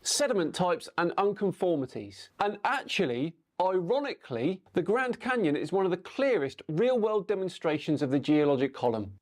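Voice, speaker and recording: A man with a notably high voice reads scripted narration. He explains things calmly and evenly. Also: normal speed, hardly any pauses.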